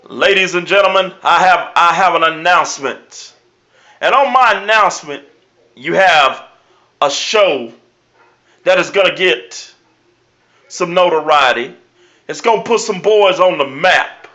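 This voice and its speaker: A brash man calling his sports picks in a vlog, hammering home guarantees and stock phrases. His voice sits fairly high and very bright and forceful. The sound is dull and lo-fi. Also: lively intonation, slow. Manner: brash, emphatic predictions; repeats catchphrases. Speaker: sports show host. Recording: dull lo-fi recording.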